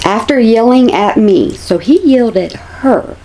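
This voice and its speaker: Woman, casual commentary vlogger, lively swooping voice, slightly high. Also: unhurried, background noise. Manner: chatty, repeats herself, addresses viewers as y'all.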